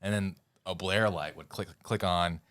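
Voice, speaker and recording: A man's voice: deep voice, fairly even intonation, normal speed, fairly bright tone, clear, resonant tone, no room sound, clean studio sound. A man co-hosting a podcast, telling stories in a rambling, laughing way and losing his words now and then. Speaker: podcast co-host. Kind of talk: casual podcast chat.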